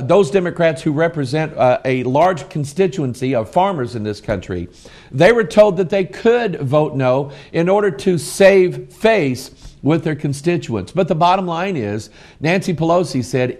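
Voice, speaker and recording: Middle aged american guy preaching on politics, fired up, pitch up a bit and all over the place. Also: darkish tone. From United States. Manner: impassioned, reads news aloud with commentary. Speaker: preacher and broadcast host. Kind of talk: political commentary broadcast.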